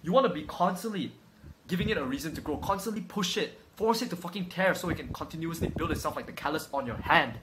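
Young male fitness coach, cocky and profane, rapid-fire delivery, faint room hiss. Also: fairly high pitch, lively intonation. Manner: brash, swaggering, swears constantly, calls viewer bro. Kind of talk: profane casual lecture to camera. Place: room at home.

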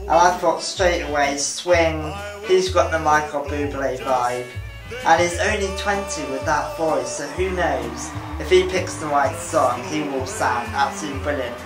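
A man's voice: fairly high pitch, measured pace. Man, eager show reviewer, roomy echo, music underneath. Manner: enthusiastic, repeats praise words. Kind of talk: casual video review. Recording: roomy sound with music behind.

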